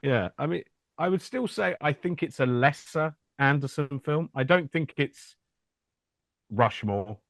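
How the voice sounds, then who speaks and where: Man, film podcast co-host, bouncy lively voice, dry close sound. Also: on the high side, a little slow, gravelly, no echo. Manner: jokey, slips into mock voices. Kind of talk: casual film chat.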